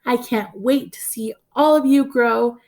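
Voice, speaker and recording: Creaky-voiced teacher talking to first graders. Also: female voice, on the high side, a little mellow. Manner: slow, encouraging, repeats key phrases for kids. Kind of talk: recorded lesson for young children.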